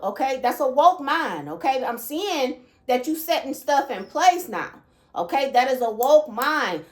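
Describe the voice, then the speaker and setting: A woman with a somewhat high voice talks her way through a spiritual card reading. She is emphatic and keeps checking in with the listener after nearly every point, in a loose, casual way. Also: normal speed. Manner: emphatic, keeps adding "okay?" and "all right?". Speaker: channel host, card reader.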